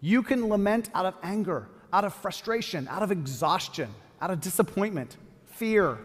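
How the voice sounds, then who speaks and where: A pastor preaching a sermon and reading scripture aloud with feeling. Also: male voice, sits high. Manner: expressive, reads scripture with feeling. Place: church hall. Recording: long hall reverb.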